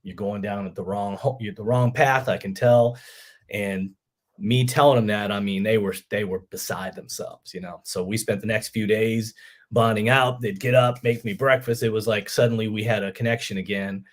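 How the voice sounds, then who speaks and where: A man's voice: fairly low pitch, normal speed. A middle-aged army veteran telling his story casually in an interview, peppering it with "man" and acting out what others said. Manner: animated, acts out quoted voices, lots of "man". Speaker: podcast guest, army veteran.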